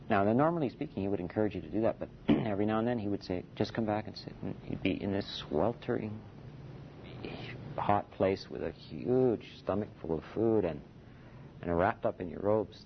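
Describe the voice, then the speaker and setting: A man with a deep, gravelly voice gives a dharma talk to retreatants in a loose, conversational way. He sprinkles in "you know" and small chuckles. The recording is dull and lo-fi, with a faint rumble underneath. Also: lively intonation, brisk. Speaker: meditation teacher.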